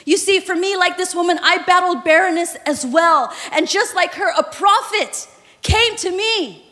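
A woman pastor delivers an impassioned sermon, dropping to a hush and then rising to shouts. Her voice sits high. The church sanctuary adds a long, ringing reverb. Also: moderate pace. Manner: impassioned, swings from hushed to shouting.

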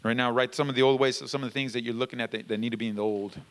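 A male pastor preaching a sermon, emphatic and repetitive, his voice climbing toward a near-shout as he drives points home. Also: medium pitch, steady tone, very fast, smooth, in a large hall. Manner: emphatic, repeats lines, rising to near-shouting. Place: church sanctuary.

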